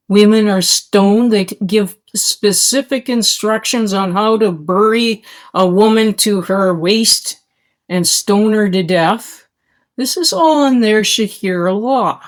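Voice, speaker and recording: A woman speaks in a slow, deliberate way, pressing every point with urgency. Her monologue is emphatic and addressed straight to her listeners, as if pleading with them to act. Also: medium pitch. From Canada. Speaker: podcast host. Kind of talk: impassioned monologue.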